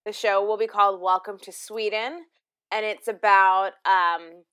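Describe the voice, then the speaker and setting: A woman's voice: mid-range voice, steady tone, unhurried, bright, forceful tone, smooth. A woman co-hosting a podcast in casual chat, blunt and matter-of-fact as she presents a news item.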